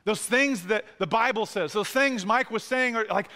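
High-voiced earnest male preacher. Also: normal speed, few pauses, sharp tone, long reverb tail. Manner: earnest, pleading, with rhetorical questions. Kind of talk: sermon.

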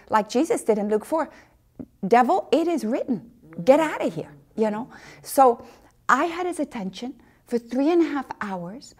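A middle-aged woman telling a personal missionary story, acting out the dialogue with big jumps in pitch.

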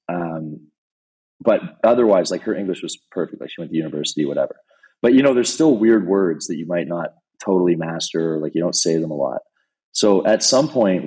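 A man's voice: low voice, a little mellow, husky, rough recording. A man guesting on a podcast, telling long rambling stories in a laid-back way with lots of "like"s. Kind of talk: casual storytelling.

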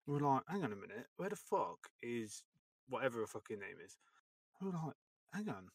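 A man's voice: medium pitch, big pitch swings, fairly quick, slightly rough, no room sound. A young man co-hosting a podcast, telling a sweary army story in a chatty way. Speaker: podcast co-host. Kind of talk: casual army stories chat.

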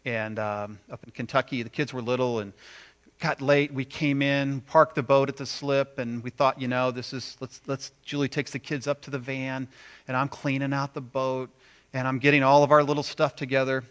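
A man preaching a sermon, animated, acting out quoted voices with big swings between loud and quiet. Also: medium pitch, moderate pace, clear, resonant tone. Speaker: pastor.

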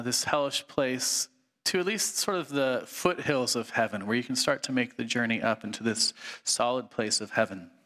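A man's voice: on the high side, pushed and bright. A male pastor delivering an earnest, conversational sermon and reading aloud from a book, with frequent fillers.

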